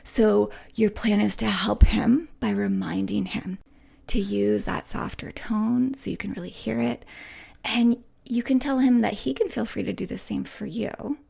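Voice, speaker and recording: A woman podcast host and relationship coach answering listener questions, speaking softly and reassuringly, often dropping to a whisper and checking in with "right?". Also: medium pitch, fairly even intonation, unhurried, creaky, husky. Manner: soft, gentle, often drops to a whisper.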